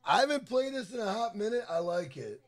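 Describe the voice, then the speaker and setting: A man's voice: high-pitched, fairly quick. A young man giving casual let's play commentary, profane, hot-tempered and rambling as he reacts to the game. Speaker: gaming streamer. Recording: steady background noise.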